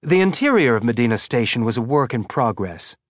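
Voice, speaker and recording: Man, audiobook narrator, steady measured reading, mid-pitched, dry close sound. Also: no echo. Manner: steady, measured storytelling with lightly voiced characters. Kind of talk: scripted narration.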